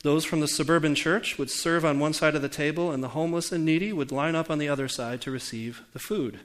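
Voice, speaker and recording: A man's voice: on the high side, fast. A man in his forties, a pastor preaching a conversational sermon and putting questions to the congregation. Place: church.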